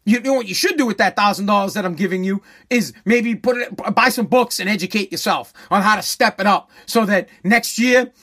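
High-voiced man on a profane rant. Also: brisk, hardly any pauses, bright, forceful tone. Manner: sarcastic, profane, indignant. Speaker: ranter.

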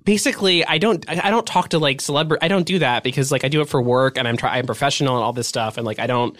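A young man chatting as a podcast guest, circling his stories with endless "like"s and restarts. His voice sits at an ordinary middle pitch. The sound is close and dry, with no room around it. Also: fast, fairly bright tone, dry recording. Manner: rambling, filler-heavy storytelling with many "like"s. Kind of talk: casual chat.

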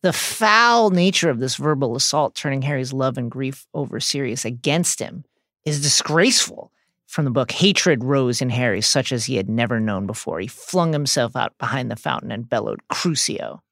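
A man's voice: medium pitch, normal speed, a bit bright, no echo, clean studio sound. A man co-hosting a podcast who reads book passages dramatically and comments on them. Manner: dramatic, emphatic reading. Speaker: podcast co-host.

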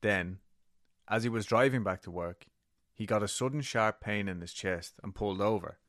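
A man with a lowish, slightly bright voice talks at a moderate pace, co-hosting a podcast. He casually narrates a story and reads book quotes, mixing in swear words and laughter.

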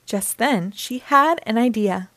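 Woman reading a kids' book aloud, fairly high voice, expressive, dry close sound. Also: slow, no echo. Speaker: children's book reader.

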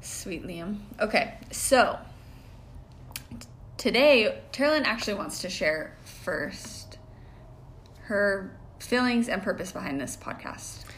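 A woman's voice: medium pitch, animated, takes it slowly, a bit bright, a little hiss or hum. A woman co-hosting a casual podcast, chiming in with brief, encouraging remarks. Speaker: podcast co-host.

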